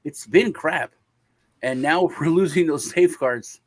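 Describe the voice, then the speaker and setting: A man's voice: a little high, a little slow, dry recording. A man telling a long anecdote on a casual panel show and acting out the other people in it. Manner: animated anecdote-telling, acts out quoted voices. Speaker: panel guest.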